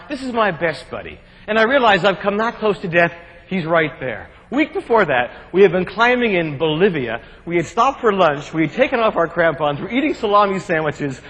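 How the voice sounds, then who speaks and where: A man from New Jersey speaks to a live audience, spinning adventure tales with quick jokes and animated asides. His voice sits on the higher side for a man. The sound carries a long reverb from a large hall. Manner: animated, jokey, acts out shouts and quotes. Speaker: keynote speaker. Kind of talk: humorous storytelling speech.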